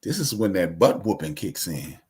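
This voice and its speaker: A man co-hosting a casual review chat, an animated storyteller who acts out voices. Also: low voice, normal speed, slightly rough. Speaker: podcast co-host.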